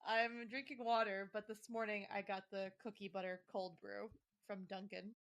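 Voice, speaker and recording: Giggly woman co-host with a bright, sharp voice, easygoing chatter. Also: mid-range voice, flat delivery. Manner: giggly, quick to agree. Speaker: podcast co-host. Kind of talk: casual chat.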